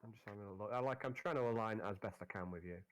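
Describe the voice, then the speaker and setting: A game master running a tabletop game checks the rules as he goes, hesitating and restarting often. His voice is fairly low and racing, captured in poor audio with no echo.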